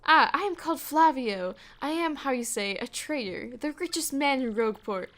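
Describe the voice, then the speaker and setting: A woman's voice: sits high, expressive, normal speed, fairly bright tone. A woman voicing a flamboyant, vain male merchant trader from a video game, with grand, theatrical delivery. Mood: pompous. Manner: grandiose, theatrical, dramatic exclamations. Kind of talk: reading game dialogue aloud.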